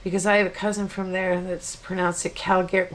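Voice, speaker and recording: A woman's voice: lowish voice, flat delivery, fairly quick. A woman hosting a live card-making tutorial, chatting casually and rambling with easy laughs. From Canada. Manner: rambling, self-interrupting, laughs easily.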